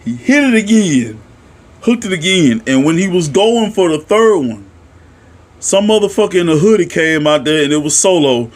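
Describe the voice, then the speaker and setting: A young man excitedly recapping a wrestling show in a casual, profane, animated way, jumping to shouts at the big moments. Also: sits high, moderate pace. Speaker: wrestling reaction vlogger.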